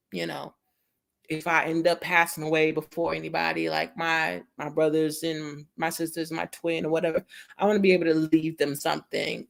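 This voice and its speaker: Woman, livestream host, casual chat to viewers, blunt and profane, gravelly, low-pitched voice. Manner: blunt, cusses freely, speaks to viewers as y'all. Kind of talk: casual live-stream chat.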